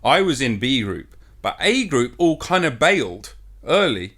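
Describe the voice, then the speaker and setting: A man hosting a podcast, telling a rambling anecdote in a relaxed, chatty way. He slips into other people's voices to act out their lines and swears freely as he goes. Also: mid-range voice, measured pace. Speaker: podcast host. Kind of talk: casual storytelling chat.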